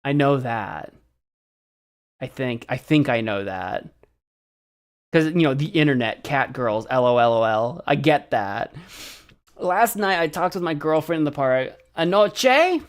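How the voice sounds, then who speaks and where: American guy on stream just chatting, super animated voice, keeps second-guessing himself. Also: medium pitch, unhurried, smooth. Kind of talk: casual chat while practicing a language app.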